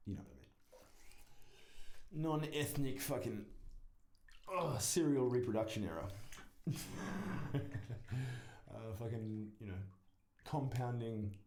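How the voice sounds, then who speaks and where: A man's voice: mid-range voice, takes it slowly, long pauses, darkish tone. A man talking casually to camera in a rambling, self-mocking way, swearing constantly and laughing at his own jokes. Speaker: vlogger. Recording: echoey room with faint noise.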